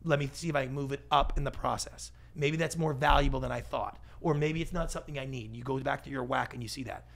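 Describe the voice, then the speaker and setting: A man's voice: medium pitch, vocal fry. A middle-aged man, a guest on an interview show, talking casually and acting out little quoted voices as he tells stories. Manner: animated storyteller, acts out quoted voices, quick asides. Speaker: podcast guest, pitching expert.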